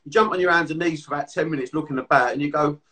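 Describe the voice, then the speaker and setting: A man hosting a podcast, telling stories quickly and casually with swearing. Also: on the high side, far from the mic. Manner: rapid storytelling, swearing, animated. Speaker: podcast host and therapist.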